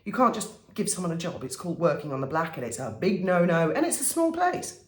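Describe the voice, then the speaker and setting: A woman vlogger telling stories to camera in a casual way, animated and wry, often exasperated. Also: lowish voice, fast talker, echoey room. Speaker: vlogger and commentator.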